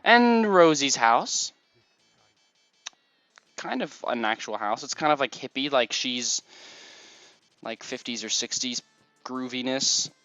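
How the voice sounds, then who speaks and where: A man chatting loosely through a life-sim game, rambling and peppering his talk with "like." His voice sits at an ordinary pitch. The recording is slightly muffled, with faint game music behind. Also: a little slow, sharp tone. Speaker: let's play gamer. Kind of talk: casual gameplay commentary.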